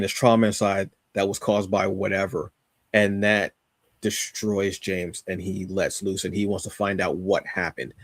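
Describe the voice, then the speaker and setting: Low-voiced man, chatty comics review. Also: no room sound, studio quality. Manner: rambling, enthusiastic, many fillers and restarts. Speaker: podcast co-host reviewing comics. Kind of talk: casual comic book review.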